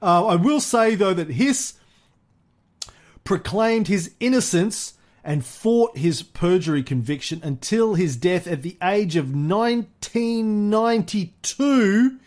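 A man's voice: sits high, animated, takes it slowly, a little mellow. A man hosting a history podcast, telling the story in a chatty, casual way with frequent fillers and easy laughs. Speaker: podcast host.

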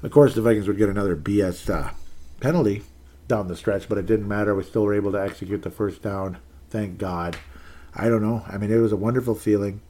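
A man giving a casual fan rant about his team, exasperated and sarcastic, swinging between loud outbursts and low muttering. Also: a little fast. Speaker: sports fan commentator.

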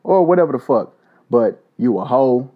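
A man's voice: medium pitch, lively intonation, moderate pace. A man hosting his own podcast, telling a story in a heated, profane, casual rant. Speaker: podcast host. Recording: dull lo-fi recording.

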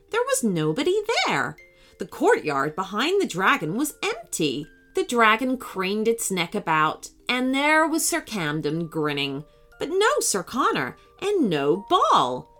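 A woman narrating a scripted children's story in an expressive, animated storytelling manner. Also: medium pitch.

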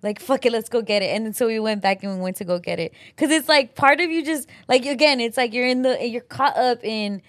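A woman's voice: a little high, animated, fairly quick, hardly any pauses, a bit bright, dry recording. A woman co-hosting a podcast, chatting casually and swearing freely. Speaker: podcast co-host. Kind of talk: casual chat.

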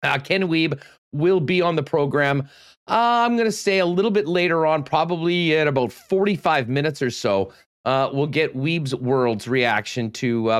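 A man hosting a sports talk show, energetic and loose, saying he is losing his voice. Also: fairly high pitch, normal speed. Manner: energetic, loose, with many fillers. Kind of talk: casual radio sports talk.

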